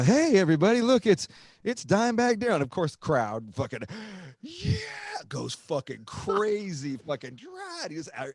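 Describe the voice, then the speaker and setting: A man in the middle of a road story, swearing freely and jumping between his own voice and lively voices for the people he quotes. His pitch sits in an ordinary middle range. The sound is close and dry, with no room around it. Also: dry recording. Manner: profane, animated, acts out quoted voices. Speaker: podcast host and guitarist. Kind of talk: casual storytelling.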